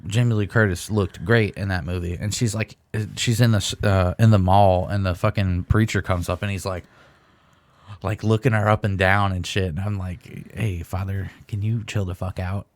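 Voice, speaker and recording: A man's voice: sits low, fairly even intonation, moderate pace, no echo. A young man co-hosting a comedy podcast, telling rambling stories full of swearing. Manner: profane, rambling storyteller. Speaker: podcast co-host. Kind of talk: casual comedy chat.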